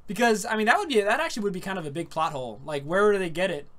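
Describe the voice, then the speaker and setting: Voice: medium pitch, lively intonation, rapid-fire, fairly bright tone. A podcast host chatting casually about an anime, rambling and laughing often. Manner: rambling, laughs often, says dude and man.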